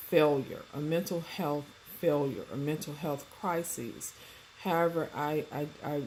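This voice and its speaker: Middle-aged Southern woman from the Mississippi Delta, low gravelly voice, halting casual monologue with a faint hiss behind her. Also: warm tone, poor audio. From Mississippi Delta, United States. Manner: hesitant, many fillers and restarts. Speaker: vlogger presenting her self-talk website.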